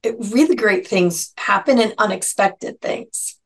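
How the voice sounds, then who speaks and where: Woman radio host; brisk and affirming, leads the show into its breaks. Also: medium pitch, vocal fry, slightly rough, low-quality recording. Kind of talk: casual talk show hosting.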